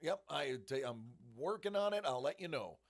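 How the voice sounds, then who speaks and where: A man's voice: a little high, lively intonation, moderate pace, creaky. A man hosting a casual live stream, chatting upbeat with viewers, reading their comments aloud and muttering to himself as he works his setup. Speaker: livestream host running card breaks and giveaways.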